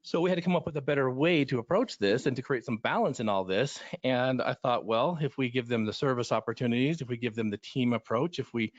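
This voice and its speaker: A man's voice: mid-range voice, fast, hardly any pauses, no room sound. A middle-aged man who coaches runners in recovery, telling stories in a panel discussion in an earnest, rambling way full of restarts. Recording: slightly dull lo-fi audio.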